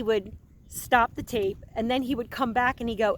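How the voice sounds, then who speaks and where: A woman's voice: a little high, fairly even intonation, normal speed, slight background noise. A woman chatting casually for her vlog outdoors on a farm pasture, cooing at her animals as she goes. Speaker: horse owner and vlogger.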